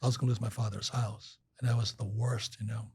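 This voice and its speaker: Rambling older man with a very husky voice. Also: fairly low pitch, level tone, fast talker, a little mellow. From Hawaii. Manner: rambling anecdotes with acted-out quotes and restarts. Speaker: guest. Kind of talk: casual storytelling interview.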